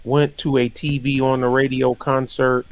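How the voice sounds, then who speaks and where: A man in his fifties from North Carolina, hosting a casual chat and telling stories in an animated, rambling way with frequent laughter. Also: medium pitch, moderate pace, no echo. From North Carolina, USA. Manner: rambling, animated storyteller who laughs often. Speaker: podcast host.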